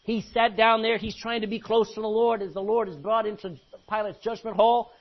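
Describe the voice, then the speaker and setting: A man preaching a sermon with animated delivery, swinging from quiet to loud. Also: sits high, moderate pace, lo-fi sound.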